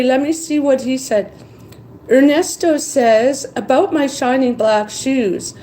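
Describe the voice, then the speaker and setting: Woman live-streamer, worn out, slow rambling chat, reads comments aloud, faint background hum. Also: fairly high pitch, a little mellow, low-quality recording. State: tired after crying.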